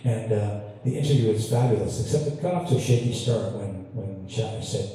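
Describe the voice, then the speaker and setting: On stage before a big audience, a Canadian guitarist banters through self-mocking stories between songs, laughing easily. He speaks briskly with few pauses in a fairly low, dark, mellow voice; the distant recording carries long, echoey reverb and faint ambience.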